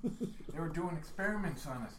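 A rambling, stammering laser superhero, played by a man, folksy and jittery. His pitch jumps all over the place. The room is echoey, with noise behind. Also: expressive, normal speed. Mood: nervous. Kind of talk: live improv comedy.

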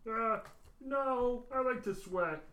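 A man plays a brutish, slow-witted male supervillain with a raised, booming voice. The voice is pitched well above the man's own. It sits in an echoey room. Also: bright, forceful tone, heavily acted. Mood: dopey.

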